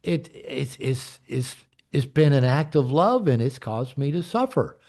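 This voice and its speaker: A man's voice: mid-range voice, lively intonation, measured pace, darkish tone. A man in his sixties, a men's coach giving a candid, reflective personal talk to an online group. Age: 60s. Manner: earnest, reflective, candid storytelling. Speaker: men's coach and community leader.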